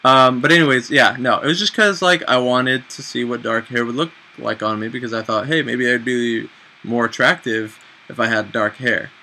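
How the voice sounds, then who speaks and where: A man in his twenties giving casual, self-mocking advice in a chatty, animated way on a home vlog. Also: medium pitch, moderate pace, low-quality recording. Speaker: vlogger.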